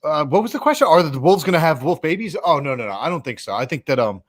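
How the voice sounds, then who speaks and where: Casting: quick, rambling male co-host, dry close recording. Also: a little high, very animated, no echo. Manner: rapid, rambling, lots of "like". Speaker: podcast co-host. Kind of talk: casual livestream chat.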